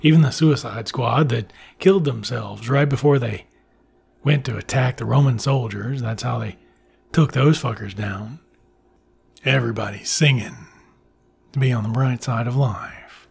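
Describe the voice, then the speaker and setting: Gravelly, husky man recapping a film. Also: mid-range voice, a little slow, a little mellow. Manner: loose, chatty retelling with casual swearing. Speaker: film reviewer.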